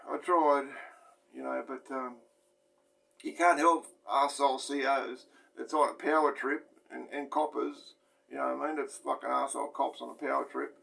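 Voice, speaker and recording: A man's voice: medium pitch, gravelly, a bit bright, far from the mic, rough recording. A middle-aged Australian man, a former inmate, telling a story casually to his viewers, blunt and swearing, often restarting his phrases. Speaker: YouTube host, former inmate.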